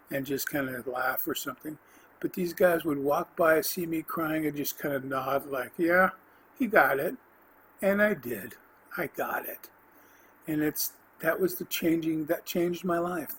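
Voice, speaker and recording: A man's voice: fairly high pitch, slight background noise, rough recording. Earnest man telling his faith story. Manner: earnest, rambling, with restarts and throat clearing. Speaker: podcast host. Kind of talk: personal faith testimony, casual storytelling.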